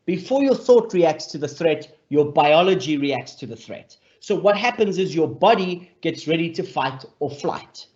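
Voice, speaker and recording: A man giving a talk for leaders, explaining ideas and telling stories in an animated way, repeating his key points and addressing his listeners as friends. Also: on the high side, moderate pace, few pauses. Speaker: speaker on mental health for leaders. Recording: dull lo-fi sound.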